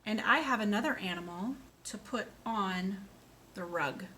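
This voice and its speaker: A woman speech therapist giving a slow, clear lesson to a young child, praising answers and asking simple questions. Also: medium pitch, bright, forceful tone, a little hiss or hum. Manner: slow, clear, sing-song and encouraging, with animal sounds.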